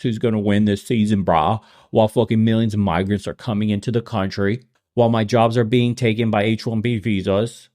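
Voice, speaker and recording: A man's voice: lowish voice, steady tone, brisk, darkish tone. A man hosting a casual reaction commentary, ranting bluntly and swearing often. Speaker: host.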